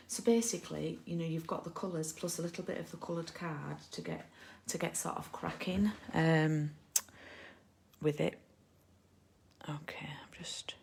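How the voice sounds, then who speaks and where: A woman's voice: low voice, creaky, slight background noise. A British woman hosting a live card-making stream, chatting casually and rambling with lots of ums and asides. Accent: British English. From United Kingdom. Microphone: laptop or phone camera mic.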